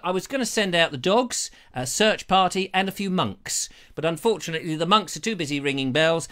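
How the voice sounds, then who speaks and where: Male host, bright high voice, jokey rambling chat on a lapel mic. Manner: playful, jokey, puts on silly voices. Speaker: live show host. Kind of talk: rambling live-stream chat. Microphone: lavalier.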